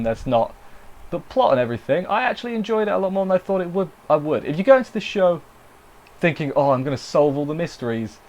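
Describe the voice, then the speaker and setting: A man's voice: mid-range voice, a little mellow, highs cut off. A man giving a casual, rambling anime episode review. He corrects himself often and mock-quotes the characters.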